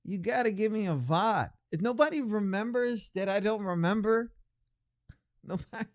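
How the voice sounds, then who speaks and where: A man's voice: high voice, animated, normal speed, no echo, clean studio sound. Chatty man hosting a radio stream. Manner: rambling, chatty, reads out chat with shout-outs. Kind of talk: casual livestream chat.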